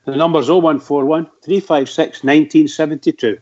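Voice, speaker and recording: A Scottish man co-hosting a radio phone-in, chatting slowly and chuckling at the banter. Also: a little high, steady tone, a little mellow. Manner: chuckling, slow and drawn out. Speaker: co-host. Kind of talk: casual radio phone-in chat. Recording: dull lo-fi call audio.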